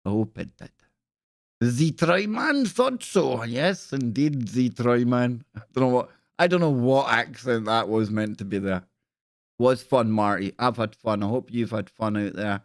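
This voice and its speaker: A man's voice: mid-range voice, normal speed, no room sound. Dry, scornful man hosting a livestream. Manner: scornful, rambling, chatty with viewers. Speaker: live stream host. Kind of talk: casual live stream chat.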